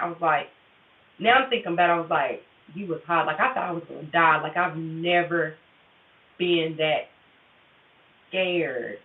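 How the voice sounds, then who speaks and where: A woman's voice: lowish voice, normal speed, long pauses. A woman livestreaming a tarot session, talking candidly and profanely straight to her viewers in casual chat. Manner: candid, profane, confessional, addresses viewers directly. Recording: tinny phone-like audio, roomy and distant.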